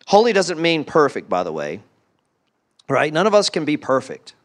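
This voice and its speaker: A man preaching a sermon as pastor, animated and full of rhetorical questions, sometimes dropping to quiet asides. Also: mid-range voice.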